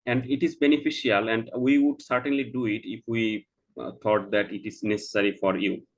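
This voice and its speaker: A man playing a doctor in a mock consultation, explaining slowly and haltingly with many filler sounds, and checking that the patient understands. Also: fairly low pitch, steady tone, poor audio. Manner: checks understanding with "Do you get me?".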